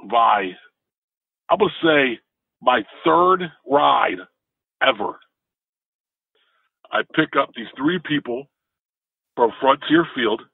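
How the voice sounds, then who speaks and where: A man co-hosting a podcast, telling a story in an animated, casual way. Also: slightly rough, no echo. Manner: animated, jumps into higher pitch when telling a story. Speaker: podcast co-host. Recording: tinny phone-like dry sound.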